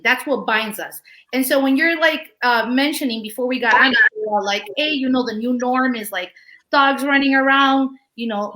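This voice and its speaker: A woman's voice: a little high, bright, forceful tone. A woman in her forties, a guest speaker on a town hall panel, telling a personal story in an earnest, passionate way over a video call. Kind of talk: casual panel talk.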